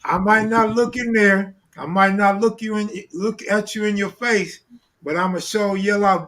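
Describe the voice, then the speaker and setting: A man's voice: high voice, steady tone, moderate pace, a bit bright. A man co-hosting a casual live-stream talk show, speaking in loose street slang and often asking "you know what I'm saying.". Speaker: co-host. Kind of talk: casual chat.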